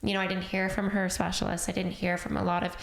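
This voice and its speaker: A woman's voice: on the low side, monotone, fast, creaky, roomy sound. A woman hosting a podcast, speaking earnestly and openly about her grief as a parent. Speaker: podcast host, bereaved parent. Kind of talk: heartfelt conversational podcast talk.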